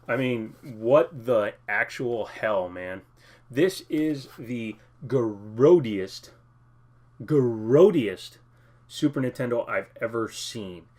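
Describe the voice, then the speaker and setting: A man in a casual vlog, rambling and joking as he shows off games he bought. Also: mid-range voice. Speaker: game collector vlogger. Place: home living room.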